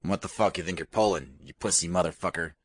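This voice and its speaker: A man's voice: very deep voice, steady tone, brisk, pushed and bright, husky, no echo, exaggerated voice. A man voicing a cocksure, frightened male prisoner who spits profane defiance, in an audiobook. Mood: spitting defiance.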